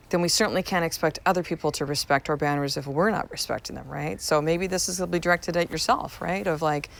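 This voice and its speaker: A woman in her thirties hosting a podcast from home, talking frankly and repeating herself for emphasis, swearing casually. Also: fairly low pitch. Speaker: podcast host. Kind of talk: casual motivational podcast talk. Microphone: podcast mic.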